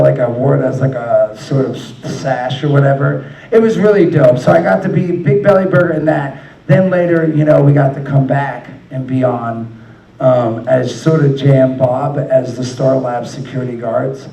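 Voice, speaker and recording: A man's voice: mid-range voice, creaky, warm tone. A man telling loose, profane stories as a guest on a convention panel, laughing often. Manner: rambling, profane, laughing storyteller. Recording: echoey hall, mic from far off.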